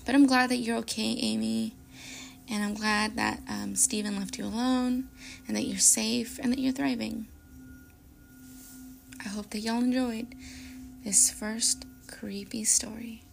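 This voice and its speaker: A young woman hosting a podcast, reading scary stories aloud dramatically and dropping to a hush at tense moments. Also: fairly high pitch, steady tone, unhurried, creaky, long pauses. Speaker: podcast host.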